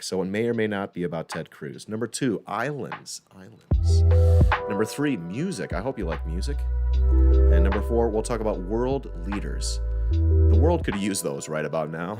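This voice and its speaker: A man hosting a live-stream trivia game in a casual, joking way, rambling and correcting himself as he goes. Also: deep voice. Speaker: trivia host. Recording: music playing behind the voice.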